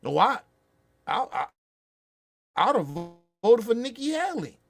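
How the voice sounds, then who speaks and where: A man's voice: very high-pitched, sing-song, unhurried, gravelly, dry recording. Angry profane man ranting. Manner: angry, profane, shouting bursts. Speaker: show host. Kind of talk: heated political rant.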